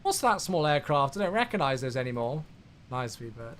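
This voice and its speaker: A man's voice: fairly high pitch, big pitch swings, brisk. A young man chatting casually on a live stream while flying a simulator, reacting aloud and answering viewers. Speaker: flight sim streamer.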